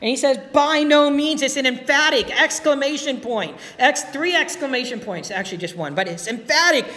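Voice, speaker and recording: Guy preaching a sermon, high voice, big echoey hall, gets emphatic and punchy. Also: expressive, brisk, bright, forceful tone. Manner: emphatic preaching with rising exclamations. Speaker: pastor. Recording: long reverb of a large hall.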